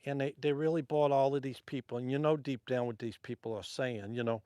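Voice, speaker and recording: A man's voice: medium pitch, fairly even intonation, a little fast, hardly any pauses, warm tone, clear, resonant tone, no room sound. A man with a Southern Louisiana accent chatting casually to livestream viewers while fishing from a wharf at night, rambling between casts.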